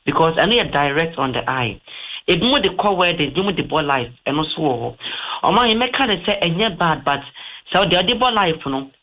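A man's voice: on the high side, lively intonation, a little fast, bright, forceful tone, rough recording. A man with a Ghanaian accent, an eye doctor giving health advice on a talk show, explaining patiently and mixing in English terms.

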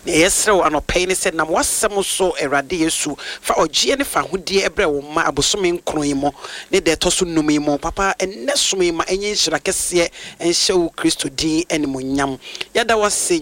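A man's voice: on the high side, fairly quick, fairly bright tone. A man leading a fervent opening prayer, rhythmically invoking titles of God.

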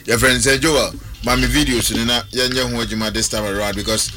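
Loud, playful male host. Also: mid-range voice, steady tone, fairly quick, music in the background. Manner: loud and playful, repeating words. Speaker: show host. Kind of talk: casual sports banter. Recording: noisy recording.

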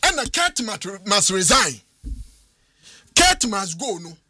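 A man's voice: high-pitched, big pitch swings, slow pace, sharp tone. A man with a Ghanaian accent, hosting a sports radio talk show and giving emphatic, argumentative opinions. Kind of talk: radio sports talk in mixed Twi and English.

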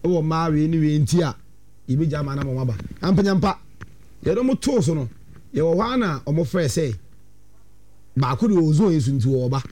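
A man with a Ghanaian accent, a talk-show guest, recounting events in an animated storytelling way. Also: on the high side, fairly quick, pauses often. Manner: animated, storytelling with quoted dialogue. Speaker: studio guest.

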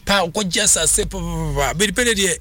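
A man hosts a radio sports show. His voice sits a little high and sounds bright and forceful, and his delivery is animated and excitable, with frequent laughter. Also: fast.

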